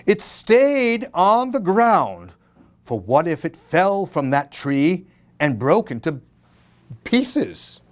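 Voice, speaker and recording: A male children's librarian reading a Halloween story aloud. He reads slowly and deliberately, drawing out words, and his voice rises and falls dramatically from line to line. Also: high voice, sing-song.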